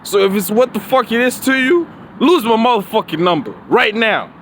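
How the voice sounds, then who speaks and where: High, bright-voiced man ranting profanely. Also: expressive, moderate pace, a little hiss or hum, rough recording. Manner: profane, rambling, repeats himself. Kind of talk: casual rambling monologue. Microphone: phone.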